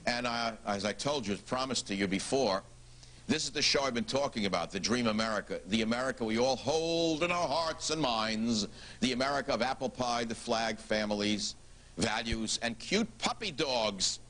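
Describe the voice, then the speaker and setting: A man's voice: mid-range voice, normal speed, fairly bright tone. A man hosting a political TV talk show, speaking bluntly and emphatically with rhetorical questions.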